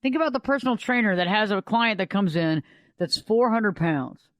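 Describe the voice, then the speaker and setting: A woman's voice: mid-range voice, lively intonation, moderate pace, dry recording, lo-fi sound. A woman host and life coach giving a conversational storytelling monologue on a radio show, driving her points home with repeated "think about it.".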